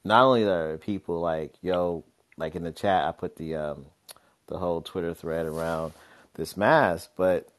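A man co-hosting a podcast in casual chat, animated and laughing often, slipping into playful voices. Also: sits low, a little slow. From Philadelphia. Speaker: podcast co-host.

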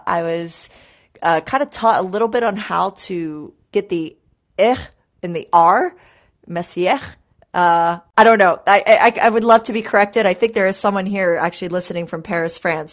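Young female podcast host, relaxed and chatty, informal delivery. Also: mid-range voice. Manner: chatty, upbeat, many fillers. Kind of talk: casual live podcast monologue.

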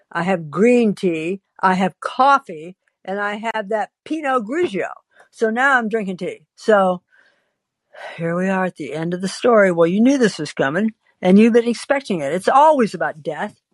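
A woman's voice: medium pitch, expressive, a little slow, no echo. A woman podcast host telling a story and chatting in a wry, self-interrupting way. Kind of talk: storytelling and call-in chat.

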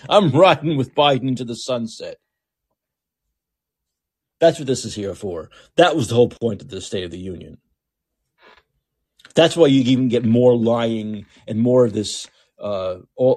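A man's voice: medium pitch, expressive, unhurried, darkish tone, dry recording. A man hosting a podcast with opinionated political commentary, talking in a sarcastic, mocking, repetitive way. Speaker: podcast host.

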